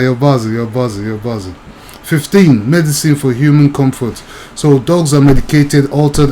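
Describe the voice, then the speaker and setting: A man's voice: medium pitch, mellow, slight background noise, low-quality recording. A young man, ranting agitatedly and talking straight to the viewer in video commentary.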